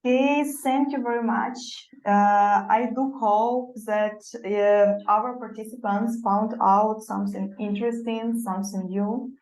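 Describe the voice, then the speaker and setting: A woman whose first language is Ukrainian wraps up an online session as its host. She speaks very slowly and carefully, and fills her pauses with hesitations. She sits well back from the mic in a roomy space. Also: mid-range voice, steady tone, a little mellow, distant mic. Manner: hesitant, careful, with many fillers. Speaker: organizer and host. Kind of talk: closing remarks of an online session.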